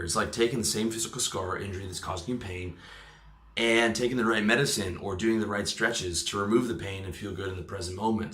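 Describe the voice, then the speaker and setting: A man's voice: on the low side, sharp tone, echoey room. A man coaching in a motivational talk, emphatic, often checking in with "okay?" and "right?", and swearing casually. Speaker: lifestyle coach.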